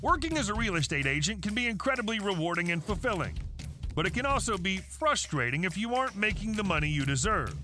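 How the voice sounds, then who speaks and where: Bright, high-pitched male announcer over music. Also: big pitch swings, fast. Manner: bright, punchy promo delivery. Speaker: podcast intro announcer. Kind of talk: scripted announcer read. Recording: music bed under voice.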